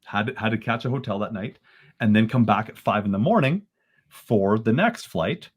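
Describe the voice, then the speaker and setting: A man from Canada, a podcast guest, telling a story in an animated way that rises into excited bursts. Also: on the low side, normal speed, slightly rough.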